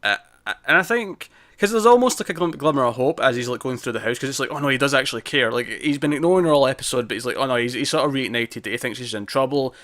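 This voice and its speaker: A man's voice: medium pitch, fast, few pauses, a bit bright. A man co-hosting a casual TV review show, rambling and restarting his sentences as he talks. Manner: rambling, self-interrupting with repeated words. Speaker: podcast co-host.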